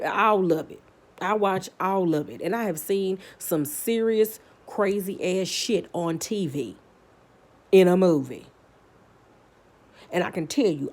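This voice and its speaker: This is a mellow, mid-range voice belonging to a woman vlogger in the middle of a heated, profanity-laden rant. She's blunt and swears constantly, and when she gets worked up she restarts her sentences again and again.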